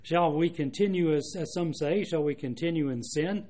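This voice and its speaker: A man preaching an expository Bible sermon in an earnest, measured way, reading out verses and explaining them. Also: a little high, warm tone. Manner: earnest, measured, with frequent restarts and asides.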